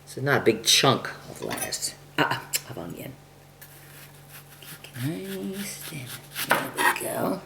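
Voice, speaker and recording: A woman giving a casual cooking demonstration in her home kitchen, chatting and clearing her throat often. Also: extremely low pitch, sing-song, slow. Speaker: home cook demonstrating a recipe. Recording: home video with kitchen noise. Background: chopping, dishes and cutlery clatter.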